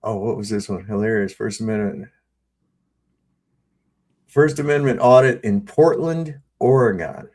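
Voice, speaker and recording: A man's voice: on the low side, measured pace, pauses often. Middle-aged man hosting a casual chat. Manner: relaxed, chatty, introduces clips. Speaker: host.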